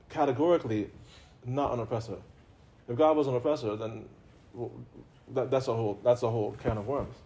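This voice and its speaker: A man's voice: mid-range voice, mellow. A man giving an informal spiritual talk to an audience, conversational and playful, often laughing and repeating himself. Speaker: religious teacher.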